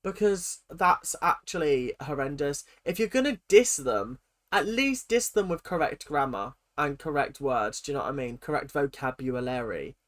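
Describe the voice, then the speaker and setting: A woman's voice: low voice, expressive, normal speed. A woman hosting a reaction video, giving sarcastic, giggly, mock-outraged commentary.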